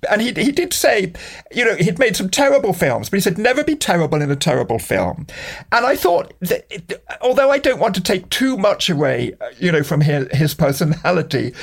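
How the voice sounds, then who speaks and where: Husky, gravelly man telling wry anecdotes. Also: high voice. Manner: wry, candid storytelling with frequent restarts. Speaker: interview guest. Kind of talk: conversational anecdote.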